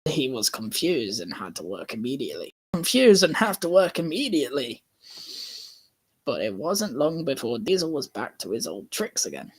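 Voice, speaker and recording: A man's voice: mid-range voice, slightly rough. A man reading a garbled storybook aloud for laughs, chuckling at the odd wording. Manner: slow, lively reading with bursts of laughter. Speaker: YouTuber reading a comic mistranslation. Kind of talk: comedic storybook narration.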